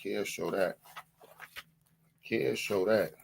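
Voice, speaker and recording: A man's voice: fairly low pitch, slow, gravelly, slight background noise. A man on a live-stream panel, boasting and taunting, leaning on the same catchphrases again and again in a heated rant.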